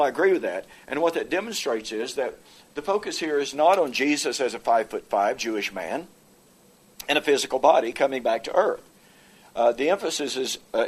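Debater, male, mid-pitched, argues point by point and stumbles over fillers often. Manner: halting, frequent "uh" fillers and restarts. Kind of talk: formal theological debate presentation. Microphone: presenter with projected notes.

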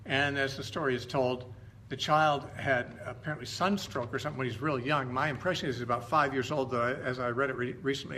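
A middle-aged man retelling Bible stories in an informal teaching style, conversational and halting, often stopping to correct himself. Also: mid-range voice, sharp tone, slight background noise.

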